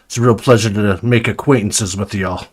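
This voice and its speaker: A man's voice: fairly low pitch, fairly even intonation, moderate pace, voice pushed down, close to an everyday voice. A man playing a friendly, overfamiliar guy in an attempted Brooklyn accent, joking as he talks. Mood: chummy. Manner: jokey, laughing, overfamiliar. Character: friendly swaggering guy, folksy and chummy.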